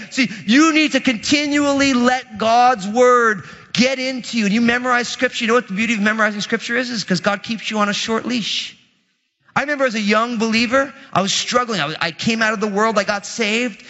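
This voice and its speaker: Pastor, male, high voice, energetic humorous sermon, big church reverb. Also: a little fast. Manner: energetic, humorous, conversational preaching. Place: church sanctuary. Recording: muffled audio with long hall reverb.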